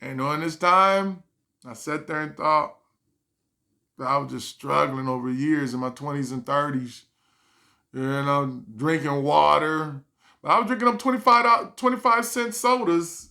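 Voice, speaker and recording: A man's voice: a little high, sharp tone. A middle-aged man talking casually to the camera, telling stories from his life, laughing often and acting out what people said. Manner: laughs often, acts out quotes. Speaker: vlogger. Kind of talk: casual storytelling monologue.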